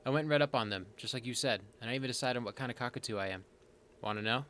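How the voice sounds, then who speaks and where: A man's voice: mid-range voice, very fast, fairly bright tone, slight background noise. A man hosting a let's play, joking sardonically and reading his character's lines aloud. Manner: sardonic, joking, swears casually. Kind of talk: game commentary and reading dialogue aloud.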